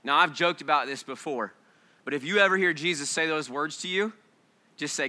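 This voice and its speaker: A man preaching to a congregation, his voice strikingly bright and pitched a little high. He swings from shouted praise down to hushed storytelling, moving fast and animated. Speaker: pastor. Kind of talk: sermon. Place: church sanctuary before a congregation.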